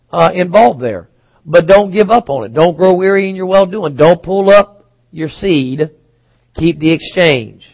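A man's voice: fairly high pitch, no echo, poor audio. A man preaching a sermon, chatty and questioning, acting out quoted voices, with occasional coughs. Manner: conversational, asks the congregation questions. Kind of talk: sermon teaching.

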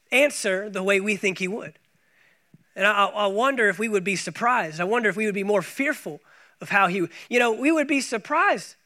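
A man with a very high, bright voice preaches a sermon. He leans hard on repeated phrases and swings between hushed asides and loud, driving lines. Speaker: pastor.

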